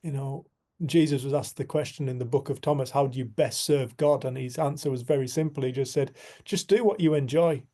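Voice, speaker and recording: A man giving an earnest, reflective spiritual talk to a community group, telling a personal story. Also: mid-range voice. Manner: earnest, storytelling, soft and slow at times.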